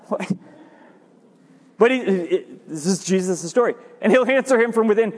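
A man preaching a sermon as pastor, animated and jokey, repeating his points for emphasis. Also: sits high, normal speed. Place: church sanctuary. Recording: reverberant church hall.

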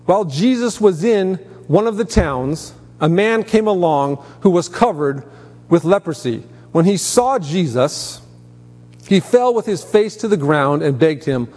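A man's voice: a little high, lively intonation, unhurried, a little mellow. A man preaching a sermon, emphatic, lifting his voice sharply on quoted commands. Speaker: pastor. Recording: long hall reverb.

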